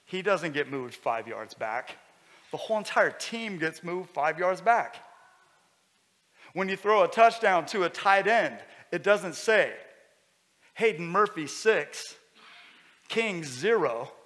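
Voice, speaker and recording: A man preaching a sermon as pastor, conversational and lively, with sudden loud bursts. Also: sits high, slow, pauses often. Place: church hall. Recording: long hall reverb.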